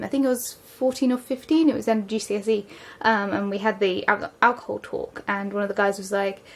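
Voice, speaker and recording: A young woman with an English accent talks straight to camera in a loose, rambling vlog. She fills her sentences with ums and often rushes ahead in quick bursts. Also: fairly high pitch. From England. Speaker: vlogger. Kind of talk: casual vlog monologue. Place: home, just out of the shower.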